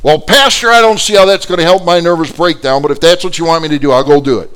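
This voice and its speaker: A man's voice: on the high side, fast talker, a bit bright, clear, resonant tone, pitched above the performer's own voice, natural voice. A man putting on the voice of a distraught woman who is at the end of her rope, pleading and exasperated.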